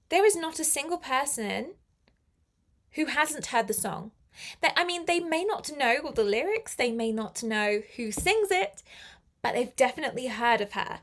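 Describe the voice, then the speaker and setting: A woman's voice: high-pitched, a bit bright. A woman teaching a live online English lesson, chatty and encouraging as she answers viewer comments.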